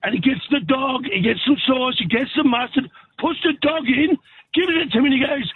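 An Australian man calling in to a radio show, telling a story in an animated, laughing way. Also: extremely high pitch, brisk, husky, dry recording. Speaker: caller. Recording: muffled phone line.

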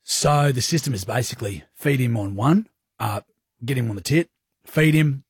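Husky Australian radio host, dry sound. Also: male voice, mid-range voice, normal speed, dry recording. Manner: rambling storyteller, self-deprecating and crude. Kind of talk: casual radio banter. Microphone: studio microphone.

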